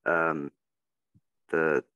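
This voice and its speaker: A man's voice: very deep voice, flat delivery, very slow, sharp tone, clear, resonant tone, no room sound, dull audio. A male student making a casual, eager comment during a class.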